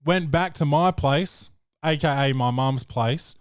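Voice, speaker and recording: A man's voice: a little high, unhurried, clean tone, dry recording. A podcast host with a slightly raised voice, spinning loose, profane anecdotes. He tells them off the cuff and keeps tossing in "bro". The sound is dry and close. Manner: rambling, profane storytelling, peppered with "bro". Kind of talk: casual chat.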